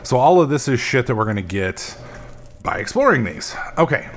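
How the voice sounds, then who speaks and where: Foul-mouthed guy rambling over gameplay, mid-pitched voice, a faint hum behind him. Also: very animated, moderate pace. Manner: rambling, profane, self-mocking. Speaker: gaming video host. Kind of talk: casual gameplay commentary.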